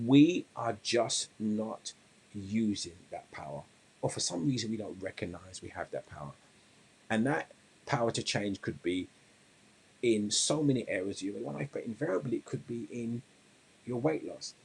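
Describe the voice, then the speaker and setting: On his weight-loss coaching podcast, delivered as casual live-stream talk and storytelling, a man rambles and restarts his way toward an earnest moral point. His lowish voice is creaky with a breathy edge.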